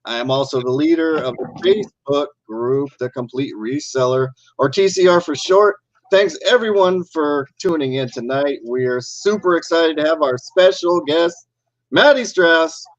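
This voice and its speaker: A man's voice: fairly high pitch, normal speed, no room sound, dull audio. Upbeat man hosting a live stream. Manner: upbeat, greets viewers by name. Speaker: host. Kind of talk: casual live stream chat. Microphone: computer mic on a video call.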